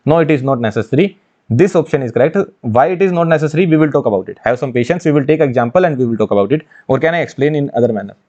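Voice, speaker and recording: A man with an Indian English accent teaches engineering mathematics in an online exam-prep lecture, posing questions, answering them himself, and repeating key phrases. He speaks very fast in a dark, medium-pitched voice with lively intonation, and the highs are cut off.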